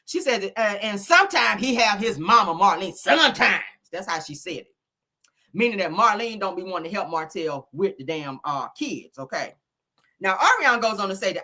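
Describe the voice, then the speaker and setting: A woman hosts a gossip commentary show, sassy and profane. She laughs often and mimics the people she talks about. Her bright voice swings lively up and down. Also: mid-range voice, normal speed.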